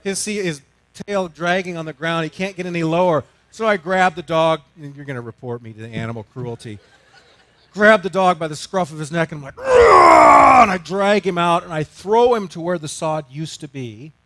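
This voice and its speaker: A middle-aged male pastor telling a story in a sermon, self-mocking and animated, swinging from loud to hushed. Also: fairly high pitch, fairly quick, no room sound.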